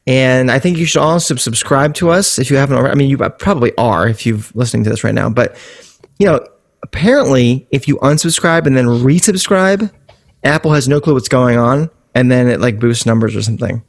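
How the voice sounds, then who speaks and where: Male podcast co-host, gravelly voice, loose jokey delivery, casual chat. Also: medium pitch. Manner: jokey, rambling, quick asides.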